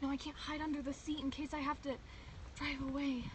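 Her voice is high and fairly quick with little pitch variation. A scared, shaking woman on a game show speaks unscripted in a parked car to herself and her teammates, repeating phrases and swinging from whispers to shrieks, picked up by a distant mic with clear background noise.

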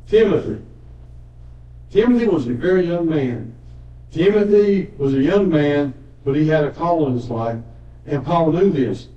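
Heard distantly through dull church echo, a male pastor preaches in the sanctuary with an animated, mellow, slightly slow voice on the high side. His sermon features folksy storytelling, joking asides and repeated words.

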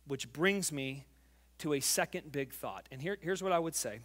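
A man in his forties preaching a sermon as pastor, fervent and emphatic, telling a family story and dropping to quiet intimacy. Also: fairly high pitch, lively intonation, normal speed. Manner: tells a family story, acting out the voices.

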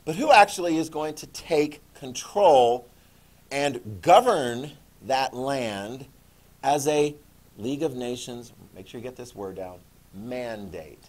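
A man teaches a class with a lively lecturing style, constantly checking in with students through questions and frequent "okay?"s. His mid-range voice moves at a slow pace.

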